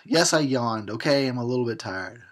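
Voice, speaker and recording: A man's voice: mid-range voice, expressive, normal speed. A man giving a drunken movie commentary, crude and mocking, talking back at the characters and laughing at his own jokes. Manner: talks back at the characters on screen. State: tipsy.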